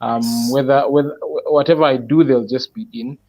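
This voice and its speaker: A man in a casual online chat, talking through his fantasy football picks step by step with frequent pauses. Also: mid-range voice, fairly even intonation, dark tone, low-quality recording. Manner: thinks aloud, explains picks step by step with many pauses. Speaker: panelist presenting his fantasy football team.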